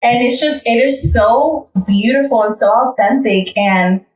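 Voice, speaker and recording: Woman on a podcast hyping up her friend, kinda high voice, slow emphatic bits, roomy sound. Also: distant mic, faint music behind. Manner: warm praise, emphatic, drawn-out phrasing. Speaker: podcast co-host. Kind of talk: casual chat among friends. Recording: roomy echo.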